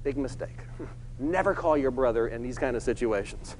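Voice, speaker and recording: A man's voice: mid-range voice, moderate pace, a little hiss or hum, poor audio. A middle-aged man giving a keynote talk, telling a personal story and acting out the people in it. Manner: animated, acts out the people in his story. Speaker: keynote speaker.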